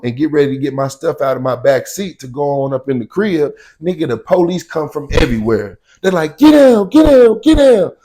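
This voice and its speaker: With a medium pitch and a breathy edge, a man tells a personal story casually in slang. He frequently says "you know what I'm saying" and acts out quotes with loud shouting.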